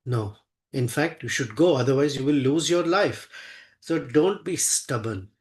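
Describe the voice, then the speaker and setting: A man's voice: mid-range voice, lively intonation, measured pace, lightly acted. A man voicing a proud, boastful young male demon warrior who taunts his foe in a retold epic. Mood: mocking. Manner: taunting, mocking.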